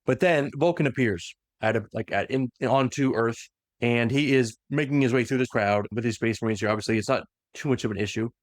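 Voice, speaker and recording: A man's voice: medium pitch, a little fast, no room sound, clean studio sound. A man hosting a podcast, casually retelling a story with lots of fillers and self-corrections. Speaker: podcast host.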